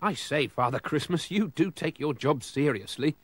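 A man doing a genteel, fussy old gentleman. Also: on the high side, animated, moderate pace, no room sound, pitched above the performer's own voice. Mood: chuckling. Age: older. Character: kindly older man, a fussing car owner.

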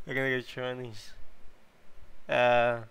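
A man hosting his gaming channel, chatting casually as he plays, getting excitable, thinking out loud and swearing freely. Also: mid-range voice, takes it slowly, gravelly, clear, resonant tone. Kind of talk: casual gameplay commentary.

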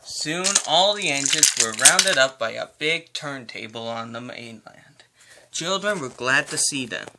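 A man's voice: mid-range voice, lively intonation, a little slow, noisy background. A man narrating a homemade children's story about engines, reading plainly with small slips.

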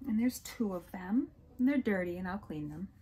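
A woman's voice: mid-range voice, lively intonation, normal speed, warm tone, slight background noise. A woman casually showing off her thrift haul, chatty and gushing over small finds, with hiccups now and then. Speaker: resale vlogger. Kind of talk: casual show-and-tell haul.

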